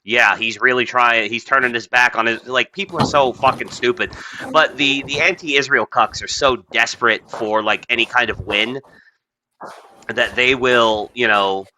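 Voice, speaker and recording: A man's voice: medium pitch, steady tone, moderate pace, bright, forceful tone, a little hiss or hum. A man hosting a casual podcast, rambling and profane, packing his talk with "like" and laughing often. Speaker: podcast host. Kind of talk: casual opinionated podcast chat.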